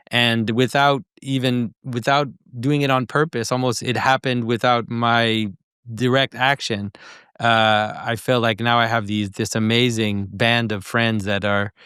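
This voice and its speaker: A middle-aged man hosts the conversation with earnest, reflective sincerity. His voice is smooth and resonant at a medium pitch. It is recorded close and dry with no room sound. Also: fairly bright tone, no echo. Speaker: podcast host. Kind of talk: conversational interview.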